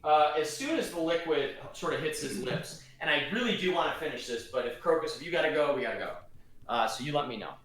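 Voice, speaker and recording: A man's voice: a little high, lively intonation, fast talker, fairly bright tone. A man narrating as game master of a tabletop game, laid-back and rambling with fillers. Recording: roomy echo.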